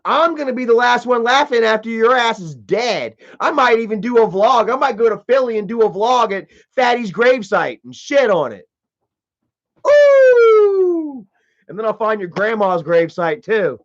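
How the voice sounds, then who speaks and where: Male live streamer, high voice, aggressive profane rant, muffled low-fi stream audio. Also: moderate pace, hardly any pauses, a bit bright.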